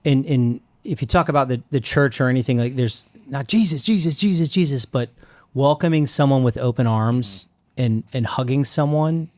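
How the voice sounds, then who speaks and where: A man's voice: mid-range voice, moderate pace, darkish tone, no echo. Jokey, enthusiastic male podcast host. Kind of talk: casual interview chat. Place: on-site in a coffee shop.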